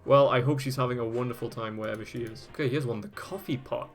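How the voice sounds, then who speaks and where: A man's voice: medium pitch, steady tone, fast, few pauses, faint music behind. A man hosting a video, reading old web pages aloud and chatting about them with casual amusement, often laughing and swearing. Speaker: host.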